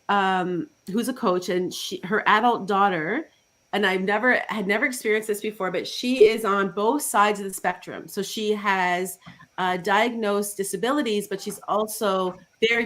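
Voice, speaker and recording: A woman life coach, a guest on a talk show, chatting casually and telling client stories with acted-out quotes. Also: mid-range voice. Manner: animated storytelling with acted quotes. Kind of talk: casual interview chat.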